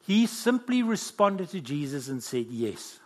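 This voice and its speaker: A man's voice: fairly high pitch, normal speed. A man preaching a sermon with fervent, emotional delivery.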